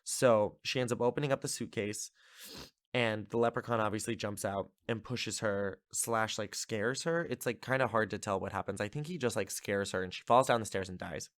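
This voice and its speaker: Chatty low-voiced man recapping a film. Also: moderate pace, fairly bright tone, no echo, clean studio sound. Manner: chatty, lots of filler "like", amused. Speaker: podcast host. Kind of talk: casual movie recap.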